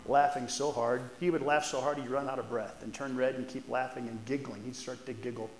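A man's voice: mid-range voice, steady tone, a little fast, a little hiss or hum. A man who serves as a church elder, reading scripture and then preaching a sermon in a conversational, folksy and earnest way inside a church sanctuary. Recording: echoey church room.

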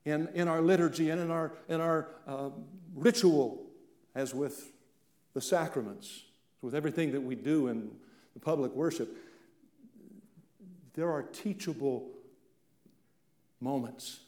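A male pastor from central Appalachia preaching a sermon, swinging from loud declarations down to hushed, almost whispered lines. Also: fairly high pitch, unhurried, pauses often. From central Appalachia, Virginia and eastern Kentucky. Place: church sanctuary. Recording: echoey church room.

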